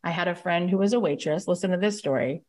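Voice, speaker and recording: Excitable american lady host, lowish voice, pumping everyone up, acts out convos. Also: fast talker. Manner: excitable, emphatic, acts out quoted dialogue. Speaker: podcast host and business coach. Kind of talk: energetic motivational live talk.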